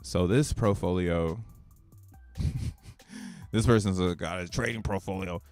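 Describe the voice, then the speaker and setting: A man with a low-pitched voice rambles through casual, slangy crypto commentary on a live stream, swearing and getting excited as he goes. His voice is close and dry, with faint music under it. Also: slow pace, no room sound. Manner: profane, excitable, slangy, thinking aloud.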